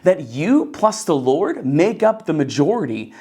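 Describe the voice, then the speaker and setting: Brief: lively Bible teacher, pitch swinging widely, talks casually to the group and checks in with "right?". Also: a little slow, breathy edge. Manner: conversational, keeps asking "right?" and addressing "guys"; enthusiastic, animated storytelling.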